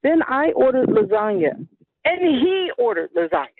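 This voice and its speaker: Woman caller, animated and sassy, phone-line sound, very lively pitch. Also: normal speed, no room sound. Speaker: caller on a dating radio show. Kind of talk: casual phone storytelling.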